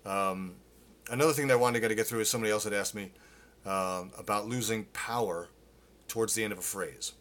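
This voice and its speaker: Man, vocal coach, middle-aged, bright tone, casual live-lesson delivery. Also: lowish voice, fairly quick. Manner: casual, explains with demonstrations and filler words.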